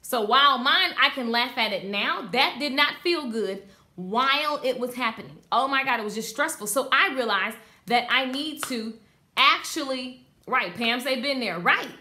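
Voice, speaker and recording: Animated high-voiced woman coaching viewers live. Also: moderate pace. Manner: animated, emphatic, talks straight to viewers, reads out comments. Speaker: beauty business coach. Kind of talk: live-streamed class, chatting with commenters.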